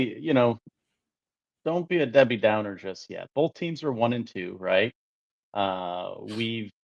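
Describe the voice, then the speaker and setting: Male podcast co-host, low and gravelly, laid-back filler-heavy delivery, dry muffled mic. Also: no echo. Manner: relaxed, lots of "uh" and "you know". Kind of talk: casual sports talk.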